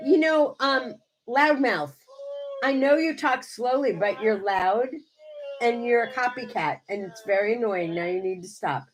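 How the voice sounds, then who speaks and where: Bubbly older lady in her 70s, slightly high voice, chatting away on her morning stream. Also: a little slow, soft background music. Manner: animated, bubbly, talks to her toys and viewers. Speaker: host. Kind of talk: casual chatty livestream.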